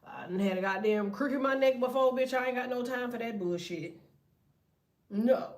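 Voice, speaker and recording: A woman's voice: fairly high pitch, normal speed, distant mic. A woman in her thirties from the United States, ranting bluntly and profanely to viewers as a tarot vlogger. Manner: blunt, profane, animated storytelling. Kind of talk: profane casual rant to viewers.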